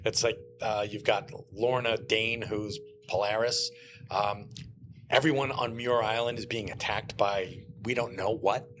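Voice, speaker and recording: A man guesting on a podcast, telling stories in animated casual chat and acting out the lines he quotes. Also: on the low side, unhurried, music in the background. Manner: animated storyteller who acts out quoted lines. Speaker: guest, comic book writer.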